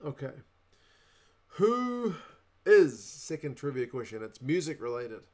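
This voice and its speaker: A man's voice: medium pitch, big pitch swings, slow. A young adult man with a New Zealand accent, hosting a casual livestream, chatting away and reading viewer comments aloud. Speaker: livestream host.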